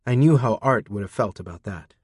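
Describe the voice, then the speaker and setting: A man narrating a first-person audiobook in a dry, deadpan manner. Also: fairly low pitch, brisk, husky, dry recording.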